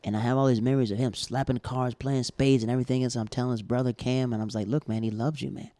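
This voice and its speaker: A man's voice: mid-range voice, little pitch movement, fast, mellow, no room sound. A man in his thirties, a stand-up comedian, telling a heartfelt story in a rambling way and repeating himself. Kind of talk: casual storytelling.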